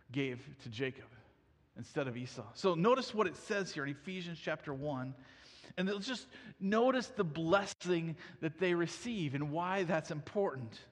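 High-voiced pastor in an echoey hall. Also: male voice. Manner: casual storytelling with many fillers. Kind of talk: sermon.

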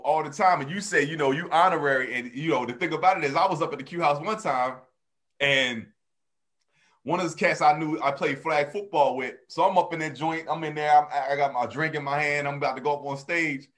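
A man's voice: a little high, fairly quick. A male comedian telling stories in casual chat, laughing often and acting out the people he quotes. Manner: animated storytelling, acts out quotes, laughs often. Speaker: comedian, podcast co-host.

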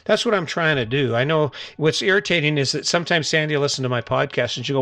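A man's voice: a little high, lively intonation, fast, few pauses, a bit bright, dry recording, faint music behind. A middle-aged man hosting a podcast, giving an earnest, coaxing motivational talk that keeps repeating the same challenge to his listeners. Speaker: podcast host. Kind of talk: motivational monologue.

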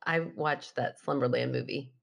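Woman, 30s, low voice, casual podcast co-host who reads letters. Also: steady tone, normal speed, gravelly. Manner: laughs often, reads letters aloud. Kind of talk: casual chat, reading listener stories.

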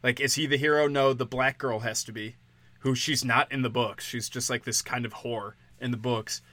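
A man's voice: medium pitch, steady tone, normal speed, bright, forceful tone, no room sound. A man ranting on a podcast in a crude, sardonic, profane way, mocking as he goes. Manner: mocking, slips into sarcastic quoted voices. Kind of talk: casual podcast rant.

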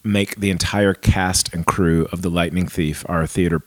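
A man in his forties, a pastor, chatting casually and acting out remembered conversations in a soft voice. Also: deep voice, steady tone, normal speed, no room sound. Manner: storytelling, acts out dialogue softly. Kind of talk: casual podcast chat.

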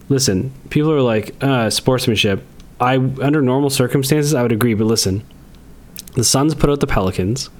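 A man's voice: medium pitch, a little mellow. A man co-hosting a podcast, ranting bluntly and casually with heavy swearing. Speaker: podcast co-host. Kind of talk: casual chat.

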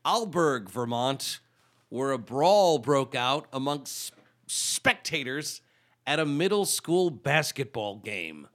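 A man hosting a comedy chat show, animated and jokey. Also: mid-range voice, takes it slowly. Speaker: podcast host.

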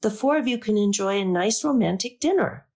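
A woman reading the part of a kind, tactful older woman who speaks in a gentle, coaxing way. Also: medium pitch, animated, fairly quick, pitched above the performer's own voice.

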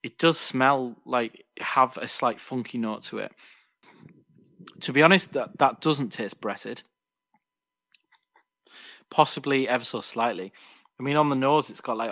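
A man's voice: mid-range voice, normal speed, pauses often, fairly bright tone, dry recording. A man co-hosting a podcast, chatting casually about beer with playful asides. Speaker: podcast co-host. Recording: dull lo-fi, dry sound.

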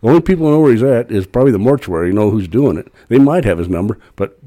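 A middle-aged man, a podcast guest, telling a long rambling story in a casual, animated way with frequent restarts. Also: on the low side, fast.

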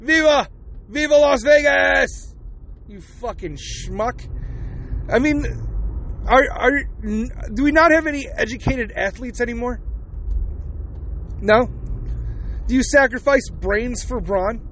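A man's voice: very high voice, slow pace, pauses often, a bit bright, a little hiss or hum. A young man hosting a podcast, delivering an angry, sweary, sarcastic solo rant. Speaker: podcast host.

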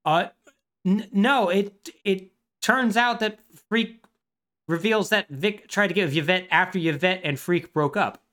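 A podcast co-host, a man with a high voice and fairly bright tone, sums up a video game's story at a measured pace. His take is sarcastic and wry, and he voices the characters' lines as part of the casual conversation.

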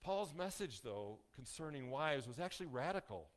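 A male pastor preaching a sermon in a folksy, joking way, slowing down to stress key phrases. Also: mid-range voice, big pitch swings. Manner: folksy, joking asides to the congregation; emphatic, slows down on key phrases.

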